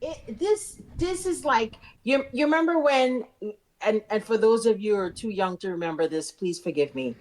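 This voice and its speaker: A woman's voice: fairly high pitch, lively intonation, normal speed, a little mellow, poor audio. A middle-aged woman co-hosting a podcast, chatting casually with dramatic reactions and playful asides to listeners. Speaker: podcast co-host. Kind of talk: casual chat.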